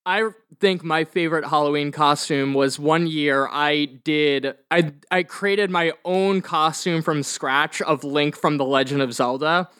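A fairly high-voiced man runs a tabletop game podcast as game master, talking in a chatty, upbeat, rambling way. A slight lisp from vampire teeth colors his words. The sound is dry and close. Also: a little slow, hardly any pauses, a bit bright, clean tone, no room sound. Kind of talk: casual podcast chat and game hosting.

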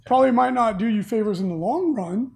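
A man hosting a casual podcast, talking things through in a measured, chatty way. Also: very high-pitched, vocal fry, darkish tone. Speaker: podcast host.

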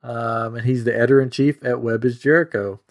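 A man's voice: medium pitch, steady tone, brisk. A man co-hosting a podcast, telling a story in a chatty, self-amused way. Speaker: podcast co-host. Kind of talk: casual chat.

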